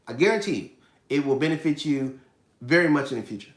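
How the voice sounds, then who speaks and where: Male host in his 30s, emphatic casual livestream delivery, slightly high voice, roomy echo. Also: animated, quick pace. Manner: emphatic, repeats points, reads chat questions. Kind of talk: casual live finance stream.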